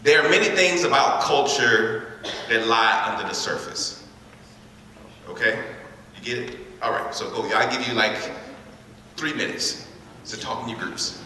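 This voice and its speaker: A man leading a lively interactive talk with students in a school hall, often repeating his words as he starts sentences. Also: mid-range voice, a little slow, pauses often, slight background noise. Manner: repeats words, energetic crowd prompts. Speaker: speaker leading a school workshop. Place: large echoey school hall. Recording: echoey hall recorded from far off.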